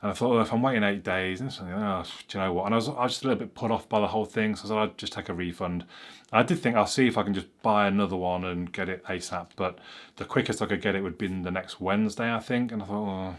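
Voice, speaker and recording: A man's voice: on the low side, steady tone, fast talker. A man, a tech reviewer casually telling a story to camera in a chatty, rambling way that often corrects itself.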